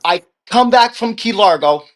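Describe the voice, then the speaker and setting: Expressive man telling his story. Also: high voice, moderate pace. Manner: expressive, laughs often, swings from hushed to loud. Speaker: author guest. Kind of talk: animated storytelling in an interview.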